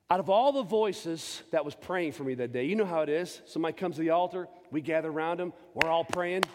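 A man in his forties, a pastor, giving an impassioned personal testimony from the pulpit, swinging between loud and hushed. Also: on the high side, fairly quick. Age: 40s. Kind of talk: sermon. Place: church sanctuary. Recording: long church reverb with faint music.

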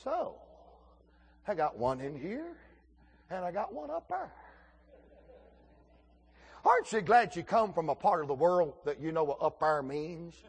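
Man, folksy preacher, high voice, husky, loud then hushed. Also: very animated, measured pace, long pauses. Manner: folksy, swinging between shouting and hushed asides. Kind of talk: storytelling sermon.

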